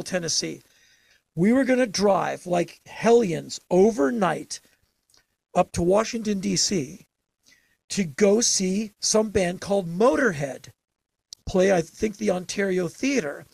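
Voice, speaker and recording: An older man telling stories in a casual interview, emphatic and animated, with sudden bursts of energy. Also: sits high, a little slow, gravelly, slightly rough, dry recording. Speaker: interview guest.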